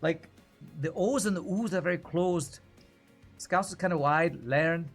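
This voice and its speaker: A man's voice: a little high, a little slow, faint music behind. A man streaming a card game, chatting casually and thinking aloud about his moves. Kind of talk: casual gameplay commentary.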